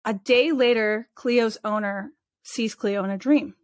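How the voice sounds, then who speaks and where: Woman, animal communicator, casual interview, bright higher voice, dry sound, chatty. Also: measured pace, dry recording. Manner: chatty and expressive, with frequent restarts and laughter.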